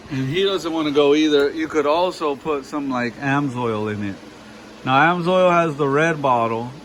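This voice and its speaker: A man's voice: mid-range voice, a little hiss or hum, poor audio. A man explaining a car job in a rambling, chatty way, talking straight to his viewers. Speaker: mechanic vlogger. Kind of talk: casual how-to narration.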